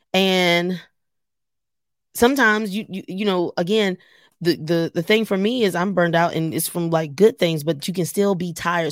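A woman's voice: low voice, dry recording. Woman podcast host, middle-aged, chatty and candid, encouraging listeners, on the way to a game, close dry sound. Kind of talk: casual personal podcast monologue. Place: in a car on the way to a game.

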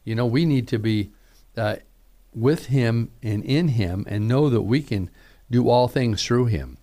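A man's voice: mid-range voice, unhurried, warm tone. A middle-aged man, a pastor preaching an earnest radio sermon, pressing his calls to repent.

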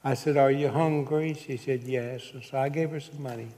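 A man's voice: mid-range voice, fairly even intonation, normal speed, mellow, long reverb tail. A man preaching a sermon, telling a story and checking in with his congregation as he goes. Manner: preaching with call-outs to the congregation. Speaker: pastor.

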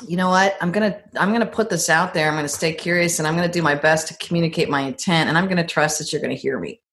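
In a casual advice chat, a middle-aged woman tells personal stories at a fast clip. She's an animated storyteller who acts out quoted lines with big, lively leaps in pitch.

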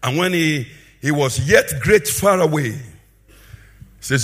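A husky-voiced man preaching with emphatic force, his voice sitting a touch high for a man. He swings from loud, punchy lines to low, quiet asides as he works through the sermon. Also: expressive, measured pace.

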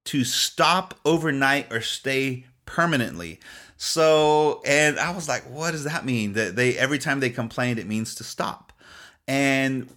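A man delivers a sermon as a pastor, his voice sitting at a middle pitch. He tells personal stories with animated energy, laughing easily as he goes. He keeps checking in with his listeners. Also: measured pace. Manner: animated storytelling, laughs often, asks "okay?".

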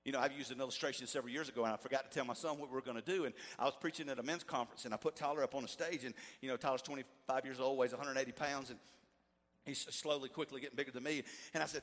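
A middle-aged preacher delivers a sermon in a high, bright voice that keeps swinging between loud bursts and hushed asides. The sound carries a long echo from a large hall. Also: male voice, very fast. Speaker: pastor. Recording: echoey hall.

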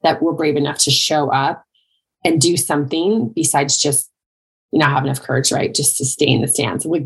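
Low creaky-voiced woman life coach. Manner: conversational, with many "like" and "right?" asides. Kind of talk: motivational monologue.

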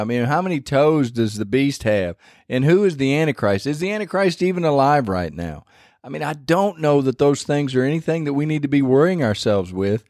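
A man's voice: mid-range voice, darkish tone, no echo, studio quality. Rambling man in a devotional podcast. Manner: rambling and conversational, with many restarts. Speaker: podcast host.

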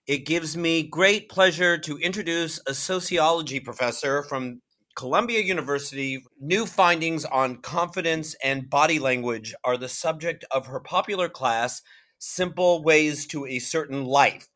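An actor playing an eager, starstruck event assistant in a comedy sketch, talking in a gushing, rambling way. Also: male voice, fairly high pitch, measured pace, bright, forceful tone.

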